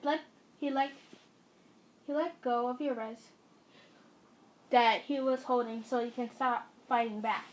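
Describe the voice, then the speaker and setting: A woman's voice: a little high, steady tone, measured pace, long pauses, rough recording. A woman narrating a second-person story in a casual, chatty way.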